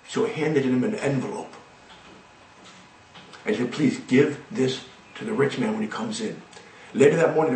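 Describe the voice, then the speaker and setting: A man telling a children's story in an expressive, dramatic way. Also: medium pitch, reverberant, far from the mic, a little hiss or hum, poor audio.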